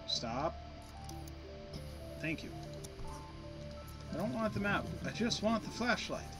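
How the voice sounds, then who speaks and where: A man's voice: high-pitched, sing-song, slow pace. Playful man narrating gameplay over music. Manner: playful, chatty, talks to himself while playing. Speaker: gameplay commentator. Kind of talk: casual gameplay commentary. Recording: game music playing behind.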